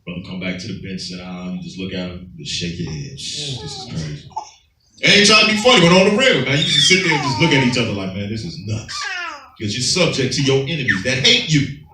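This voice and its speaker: A man's voice: mid-range voice, fast talker, noisy background. A man teaching a Sabbath class, preaching emphatically in a streetwise way and often asking his listeners if they follow. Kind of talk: preaching scripture commentary. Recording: roomy, far from the mic.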